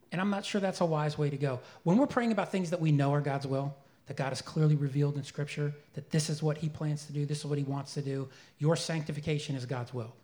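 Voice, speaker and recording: A man's voice: a little high, a little mellow. A man answering faith questions at a live church Q&A in an earnest, reflective way. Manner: earnest, reflective, grows emotional.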